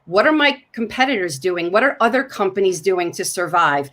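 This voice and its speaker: A woman with a New York accent, a sales coach talking in an emphatic, animated way on a video call. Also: medium pitch. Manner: emphatic, fast and animated when excited. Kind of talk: animated talk-show conversation.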